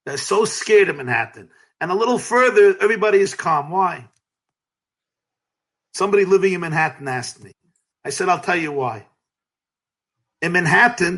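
A rabbi being interviewed, telling stories in a lively, emphatic way, sometimes breaking into shouts, with light laughs between phrases. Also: male voice, high-pitched, breathy edge. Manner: lively, emphatic, bursts into shouting and chanted cries. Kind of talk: animated storytelling in an interview.

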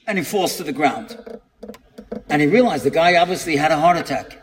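High voiced guy preaching a story, dramatic, acts out the quotes, big echoey hall. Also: animated, fairly quick. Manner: dramatic storyteller, acting out quotes and building to emphatic peaks. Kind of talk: storytelling sermon. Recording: long hall reverb.

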